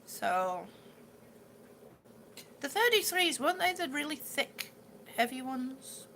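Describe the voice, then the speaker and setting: A woman's voice: high voice, very animated, slow, pushed and bright, slight background noise. A middle-aged woman hosting a live stream, chatting casually with viewers, repeating herself and stumbling over words with good humor. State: ringing in the ears, yawning, hungry. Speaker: livestream host reading viewer comments.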